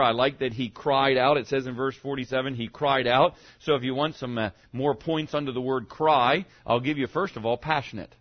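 Animated preacher, dull lo-fi sound. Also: male voice, mid-range voice. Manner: animated preacher, swinging from loud to hushed. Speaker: pastor. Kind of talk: sermon. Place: church sanctuary.

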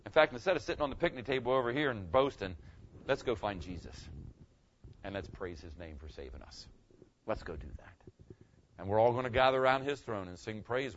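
A man's voice: medium pitch, animated, a little fast. A middle-aged man preaching a sermon to his congregation in a church, talking conversationally, repeating phrases and asking the listeners questions. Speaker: pastor. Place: church sanctuary. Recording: dull lo-fi recording.

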